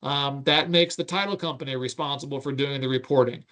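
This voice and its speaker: A man's voice: mid-range voice, fairly even intonation, fairly quick, pushed and bright. A man presenting a webinar, reading out audience questions and answering them with many ums and uhs. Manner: explains at length, with many filler "uh"s and "um"s. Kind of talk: webinar Q&A explanation.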